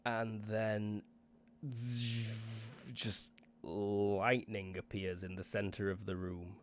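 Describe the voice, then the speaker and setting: A man narrating scenes as game master of a tabletop role-playing game in a relaxed way. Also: on the low side, takes it slowly, slight background noise.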